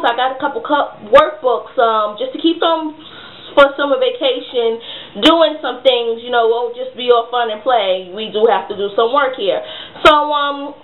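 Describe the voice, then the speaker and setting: Young woman, parent vlogger, rambling casual delivery, slightly high voice. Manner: rambling, with many ums and you-knows. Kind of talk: casual talk to camera. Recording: tinny phone-like sound.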